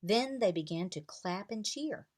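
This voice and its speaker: A woman reading a children's chapter book aloud with expressive storytelling. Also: mid-range voice, measured pace. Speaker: reader.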